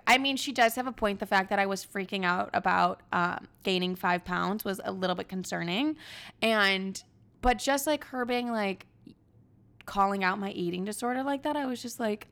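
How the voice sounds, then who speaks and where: Young woman, podcast host, mid pitch with heavy fry, brash and chatty. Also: a little fast, fairly bright tone. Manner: candid, swearing, dramatic storytelling. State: hungover. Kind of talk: casual chat.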